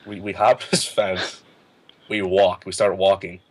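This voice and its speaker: Lively, fairly low-voiced teen storyteller. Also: male voice, unhurried. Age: late teens. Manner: animated, laughing, acts out quotes in a higher voice. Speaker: guest. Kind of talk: casual storytelling.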